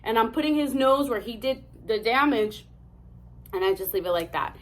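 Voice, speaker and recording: A woman's voice: a little high, lively intonation, moderate pace. A young woman vlogger dramatically retelling a story, full of "I'm like" asides. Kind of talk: storytime narration.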